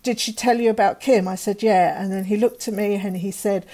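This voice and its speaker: A woman's voice: mid-range voice, fairly even intonation, brisk, hardly any pauses, warm tone. Woman, middle-aged, mid-range voice, candid emotional storyteller who quotes others. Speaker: guest. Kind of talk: personal storytelling in conversation.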